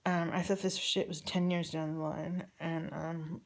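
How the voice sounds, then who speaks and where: A woman telling a personal story about her family in a rambling, halting, confessional way, often dropping to a near whisper. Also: deep voice, little pitch movement.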